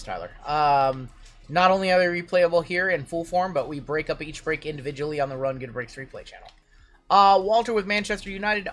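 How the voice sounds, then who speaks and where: A man's voice: fairly high pitch, a bit bright. A man hosting a live card break stream, rattling off names and teams in a loose, chatty way with plenty of fillers.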